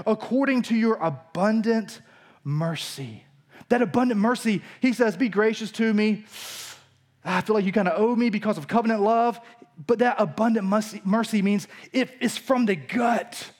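A preacher with a drawl and a fairly high voice talks through scripture like a friendly teacher. His delivery is loose and chatty, full of restarts and homespun asides. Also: normal speed. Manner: casual teaching tone with frequent restarts and storytelling asides. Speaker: pastor. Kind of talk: conversational sermon.

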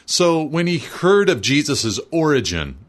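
A man preaching an expository sermon, reading scripture aloud and explaining it in a measured, teaching manner. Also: fairly high pitch, sing-song.

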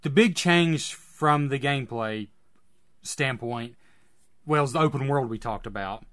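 A man co-hosting a casual podcast, talking through ideas in a relaxed, rambling way. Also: mid-range voice, a little slow. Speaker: podcast co-host. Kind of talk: casual chat.

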